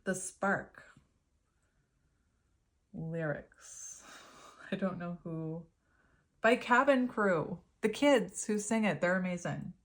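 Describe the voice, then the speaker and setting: A woman talking through a tarot reading in a relaxed, chatty way, her voice sitting a little on the low side for a woman. She laughs often between phrases and sounds openly emotional, at times close to tears. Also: slow pace, pauses often. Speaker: tarot reader. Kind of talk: casual spoken tarot reading.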